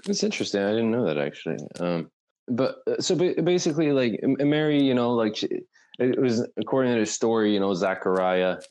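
A man's voice: mid-range voice, animated, a little fast, darkish tone, poor audio. A man in casual conversation, retelling a story in a rambling way with lots of "like" and "you know". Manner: rambling retelling, full of "like" and "right?".

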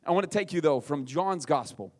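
A young male pastor delivers a conversational sermon, leaning on rhetorical questions. His voice sits a little high and climbs when he drives a point home. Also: animated, a little fast, a little mellow.

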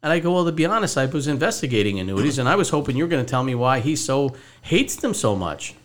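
A man's voice: medium pitch, very animated, fast. A man hosting a podcast as a financial advisor, telling a story casually and acting out both sides of a phone call.

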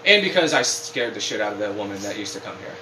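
Quick-paced and lowish, a male co-host on a casual podcast goes on a rambling, swearing rant. He's far from the mic, and the roomy echo carries faint ambience and slight background noise.

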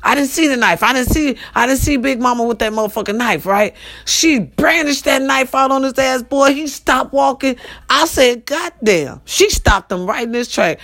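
Animated, profane woman telling a story. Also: sits high, moderate pace. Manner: animated, profane, addresses listeners directly. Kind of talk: casual storytelling chat.

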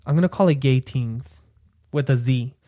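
Speaking at normal speed, a young man runs his own podcast as a loose solo chat full of playful, campy asides to his audience. He slips into a low, hushed "sweetie" at one point, and the studio-quality recording is dry.

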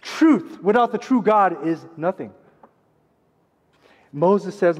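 A pastor preaching a sermon, swinging between loud urgent passages and hushed quiet ones. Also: male voice, high-pitched, expressive, slow pace, long pauses. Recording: long reverb of a large hall.

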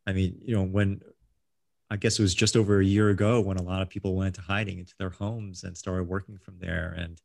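A man's voice: sits low, flat delivery, fairly quick, vocal fry, darkish tone, dry recording. A middle-aged man hosting a casual interview, rambling with many ums and restarts. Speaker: host.

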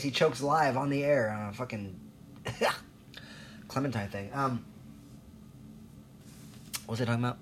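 A man's voice: mid-range voice, measured pace, long pauses, slight background noise. A man in his thirties ranting in a rambling, profane, sarcastic monologue, laughing at himself now and then. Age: 30s. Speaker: vlogger.

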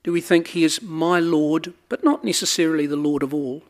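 Guy preaching a sermon, pretty high voice, lively and emphatic. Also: a little fast. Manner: animated, emphatic preaching with rhetorical questions.

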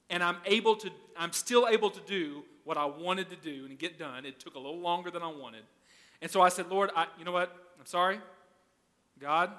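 High, bright-voiced preacher man. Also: long reverb tail. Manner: conversational, asks the congregation questions. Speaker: pastor. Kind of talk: sermon.

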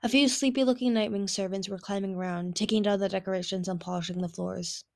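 A woman narrating a storybook aloud in a steady, plain way with occasional slips and restarts. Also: mid-range voice, fast, vocal fry. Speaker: audiobook reader.

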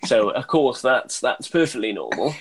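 A man's voice: medium pitch, big pitch swings, normal speed, rough recording. A man with a Welsh accent co-hosting a podcast, chatting casually and making jokes and asides. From Wales. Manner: jokey, banters with asides. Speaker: podcast co-host. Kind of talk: casual comedic chat.

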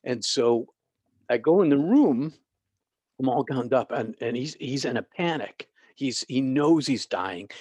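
A man, a former pastor and end-of-life counselor, telling stories as an interview guest with halting restarts. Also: mid-range voice, a little mellow, husky, no echo, clean studio sound. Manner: halting, many restarts, vivid retelling.

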